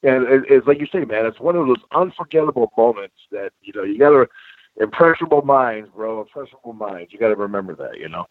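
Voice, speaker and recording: An older man tells road stories with loose, animated energy and keeps tossing in "bro" and "man." His voice comes through a thin, phone-like line. The sound is dry, with no room around it. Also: mid-range voice, fast talker, hardly any pauses, no room sound. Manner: animated storyteller, says bro and man a lot. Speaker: guest, retired pro wrestler. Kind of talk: casual interview storytelling.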